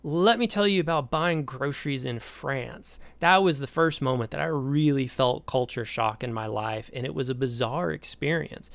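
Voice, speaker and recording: An American man giving a recorded lecture, telling a story from his own life in an animated way. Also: medium pitch, moderate pace, creaky, few pauses, no room sound. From United States. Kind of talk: recorded lecture with a personal anecdote.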